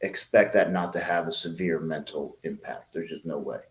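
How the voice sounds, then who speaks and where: A man co-hosting a podcast, speaking haltingly and thoughtfully, trailing off at times. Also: a bass voice, steady tone, slight background noise. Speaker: podcast co-host. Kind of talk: casual podcast chat.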